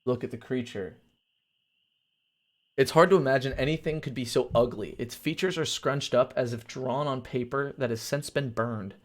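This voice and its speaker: A man reading a gamebook aloud on a live stream, mixing steady narration with casual, crude asides. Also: medium pitch, normal speed. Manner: casual and crude, reads narration then chats.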